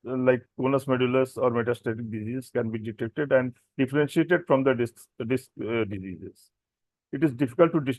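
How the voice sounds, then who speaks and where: A man's voice: medium pitch, a little mellow, no echo. A man with an Indian English accent, a doctor giving a technical lecture with many fillers and self-corrections. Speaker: doctor presenting at a medical symposium.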